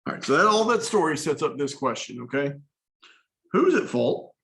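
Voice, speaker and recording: Gravelly-voiced male history teacher. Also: on the high side, expressive, fast talker, fairly bright tone, low-quality recording. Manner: casual, storytelling, conversational. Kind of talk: classroom lecture.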